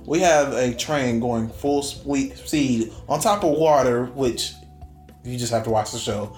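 A man co-hosts a casual podcast and explains with eager energy. His voice sits at a middling pitch and rings with a roomy echo. Faint music plays softly in the background. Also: measured pace. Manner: eager explainer, sets up context. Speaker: podcast co-host. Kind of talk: casual chat.

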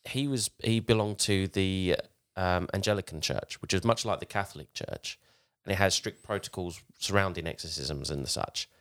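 Deep-voiced man telling a story. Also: normal speed, few pauses, fairly bright tone. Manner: rambling, with frequent restarts while retelling a tale. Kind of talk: casual storytelling.

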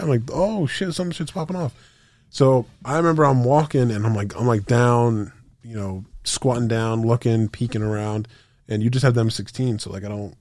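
A man on a podcast telling a long gaming story, animated and profane, acting out quotes and gunfire sounds. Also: medium pitch, dry recording. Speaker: podcast co-host. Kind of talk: casual storytelling chat.

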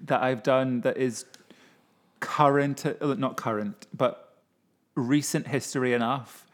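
A man's voice: mid-range voice, steady tone, takes it slowly. A man in his twenties co-hosting a podcast, chatting casually with a wry, self-mocking manner. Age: 20s. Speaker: podcast co-host. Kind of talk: casual chat.

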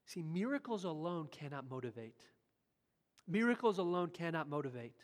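A pastor delivering a sermon with emphatic delivery, swinging between loud urgent passages and hushed asides. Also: mid-range voice. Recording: long hall reverb.

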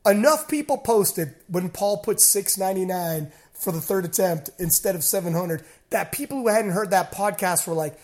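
A man hosting a podcast, telling stories in casual chat, swearing freely and acting out shouted quotes. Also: sits high, moderate pace, few pauses. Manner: animated storytelling, acts out shouted quotes. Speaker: podcast host.

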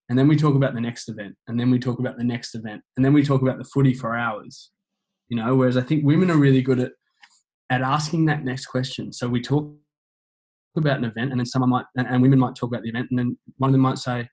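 A man's voice: mid-range voice, fairly even intonation, brisk, a little mellow, low-quality recording. A man, speaking earnestly as a guest about men opening up, often repeating phrases as he explains. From Australia. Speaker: guest on men's mental health. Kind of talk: casual conversational interview.

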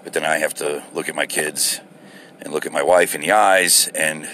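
A man's voice: very deep voice, fairly even intonation, moderate pace, pushed and bright, a little hiss or hum. A man with children and a wife, ranting angrily with heavy profanity in a heated monologue. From United States. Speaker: vlogger.

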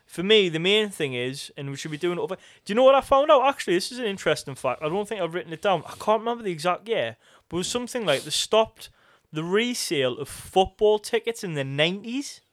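Sweary Geordie man, smooth clear voice. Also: sits high, expressive, quick pace, hardly any pauses, fairly bright tone, no echo. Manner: sweary, joking, rambling banter. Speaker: podcast co-host. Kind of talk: casual chat.

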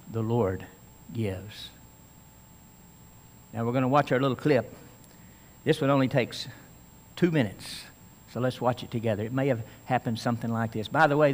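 A man's voice: medium pitch, in a large hall. A man preaching a sermon as pastor, earnest and explaining Scripture, rising to strong emphasis at times.

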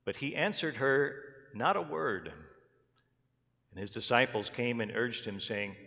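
A man's voice: medium pitch, expressive, a little slow, gravelly, pauses often, pushed and bright. A man, a pastor, preaching a sermon, first reading scripture and then telling stories in an earnest way. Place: church sanctuary. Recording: long hall reverb in a church.

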